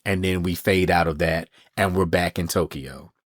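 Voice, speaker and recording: An animated male podcast host recaps a comic book in a casual, swearing, playful way. His voice sits on the low side. The sound is close-miked and dry. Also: moderate pace, no room sound.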